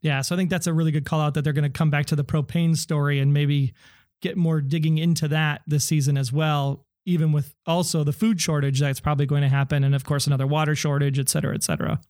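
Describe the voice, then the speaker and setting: A man co-hosting a casual TV recap podcast, speculating in an animated way and sometimes quoting characters in put-on voices. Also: on the high side, fast, no room sound, studio quality. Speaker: podcast co-host.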